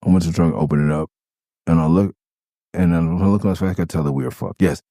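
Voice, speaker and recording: A man's voice: steady tone, quick pace, mellow, no room sound, clean studio sound. A middle-aged man, breaking down his own rap song in a rambling, casual way, laughing and slipping into funny character voices. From Los Angeles. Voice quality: calls his own voice high pitched. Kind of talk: casual storytelling commentary.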